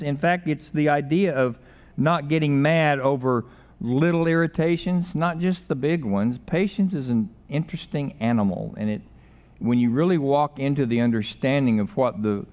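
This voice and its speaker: A man's voice: on the high side, muffled recording. A man preaching a sermon in a conversational way, with jokes and repeated phrases. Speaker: pastor.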